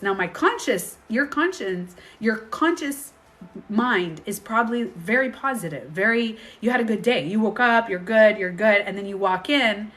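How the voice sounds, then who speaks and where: Animated woman coaching on inner healing. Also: mid-range voice, moderate pace. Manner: animated, acts out inner voices; reads and answers viewer questions. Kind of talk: casual coaching talk to viewers.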